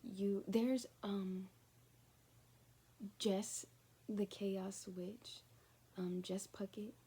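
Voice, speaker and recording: A woman's voice: mid-range voice, fairly even intonation, very slow, mellow, slightly rough. A woman giving a casual, rambling spiritual reading to her viewers, often dropping to a near-whisper. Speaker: spiritual card reader.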